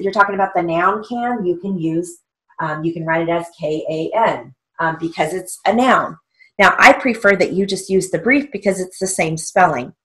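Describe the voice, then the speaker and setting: A woman teaching a stenography lesson, dictating short phrases slowly and spelling out letters, checking in with an occasional "okay?". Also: lowish voice. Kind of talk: slow, deliberate dictation lesson.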